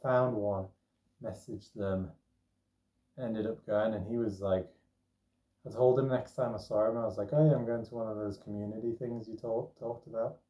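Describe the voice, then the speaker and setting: A young man rambles through a personal story, chatty and full of fillers. His voice is low and mellow. He sits well back from the mic in an echoey room. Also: fairly even intonation, normal speed, distant mic. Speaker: vlogger telling a personal story. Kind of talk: casual storytelling.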